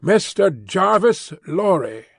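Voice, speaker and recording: A man voicing a hoarse messenger rider who calls out insistently. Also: high voice, sing-song, takes it slowly, no room sound, studio quality, voice pushed up, exaggerated voice. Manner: calling out, insistent.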